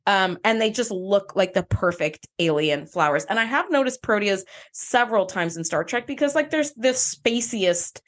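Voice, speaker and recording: A woman co-hosting a podcast, talking casually and eagerly and laughing often. Her pitch moves a great deal, rising and falling as she talks. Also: expressive, moderate pace, hardly any pauses. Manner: chatty and enthusiastic, laughs often. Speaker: podcast co-host. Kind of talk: casual chat.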